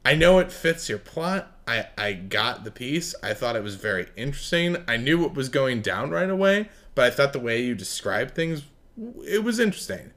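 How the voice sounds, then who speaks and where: A man judging writing contest entries, blunt, sarcastic and profane, swinging between loud bursts and muttered asides. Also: medium pitch, very animated, normal speed. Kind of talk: recorded critique of contest entries.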